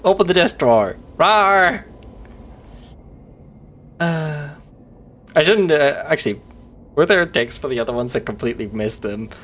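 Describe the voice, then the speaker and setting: A streamer reading a text adventure aloud to a livestream audience, narrating expressively and breaking off to chat with viewers. The pitch swings widely and keeps the delivery animated. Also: moderate pace.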